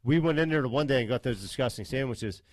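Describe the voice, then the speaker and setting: A man in a casual chat who talks quickly and rambles. His speech is full of fillers, and the recording is dry and close. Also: medium pitch, expressive, dry recording. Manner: rambling, filler-heavy talk with "dude" and "like".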